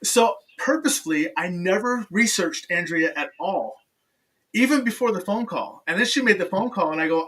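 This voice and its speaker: A man hosting a talk show, telling animated stories that act out quoted dialogue, and laughing often. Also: high voice, normal speed, recorded from a distance, rough recording. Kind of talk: casual interview chat.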